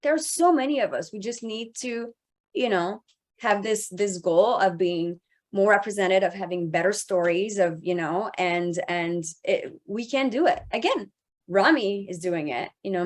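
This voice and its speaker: A woman's voice: medium pitch, unhurried. A woman voice actor speaking on a panel, passionate and rambling, with many restarts. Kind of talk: panel discussion.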